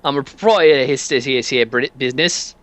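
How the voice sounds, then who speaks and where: A man's voice: mid-range voice, a little fast, a bit bright, lightly acted. A man voicing a chummy male security-shop owner in a put-on British accent, stumbling over his words and calling everyone mate. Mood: chummy salesman.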